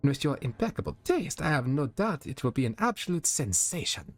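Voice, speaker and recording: A man's voice: a little high, very animated, fairly quick, voice pushed up. A man voicing a glamorous female pony supermodel who gushes dramatically and drops French phrases. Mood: gushing theatrical. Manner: gushing, dramatic.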